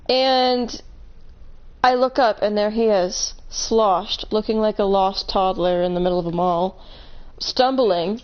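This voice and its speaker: A woman's voice: a little high, normal speed, highs cut off. A woman casually telling a long story on a live stream, rambling, correcting herself and laughing between points.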